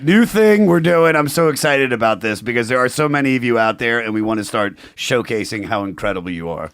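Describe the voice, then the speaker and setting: A man's voice: medium pitch, animated, brisk, fairly bright tone, clean tone, no room sound, clean studio sound. A man co-hosting a podcast, joking in a laid-back way and hedging with "like". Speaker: podcast co-host. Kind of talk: casual chat.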